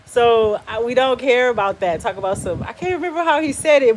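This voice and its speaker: A woman's voice: a little high, normal speed, hardly any pauses, slight background noise. A woman chatting casually on a live stream, blunt and defiant, laughing often and answering viewers' comments. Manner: talks back to viewers and comments.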